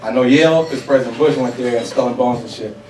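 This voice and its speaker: Young man, live stage storytelling, profane and animated, roomy hall, audience laughing. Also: mid-range voice, quick pace, heavy background noise. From New York City. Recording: roomy hall, mic at a distance.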